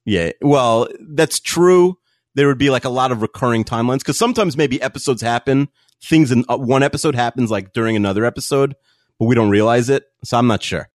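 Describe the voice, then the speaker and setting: A man co-hosting a podcast in casual chat, animated and rambling with lots of fillers. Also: mid-range voice, a little fast, no echo, studio quality. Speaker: podcast co-host.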